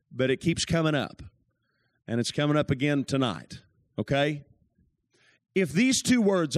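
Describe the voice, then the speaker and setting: A man's voice: fairly high pitch, no room sound. Male preacher, scripture reading into emphatic sermon, rising for stress, dry close sound. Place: church.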